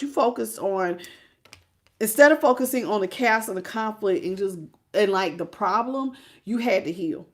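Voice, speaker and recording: A woman giving a live tarot reading, animated and chatty, talking straight to her viewers and fighting back tears. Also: a little high. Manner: emotional, on the verge of tears. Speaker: tarot reader.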